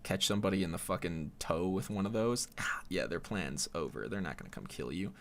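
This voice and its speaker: A man with a low voice hosts a solo podcast in a rambling, sardonic monologue. He swears freely. His pitch swings widely as he goes. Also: expressive, brisk. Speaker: podcast host.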